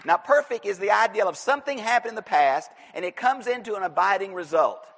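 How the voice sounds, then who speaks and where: A high-voiced man preaching in a church, his pitch leaping all over as he teaches and exhorts. He is emphatic and animated and now and then bursts into a shout. A long hall reverb trails every word. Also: a little fast, creaky. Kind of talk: expository sermon.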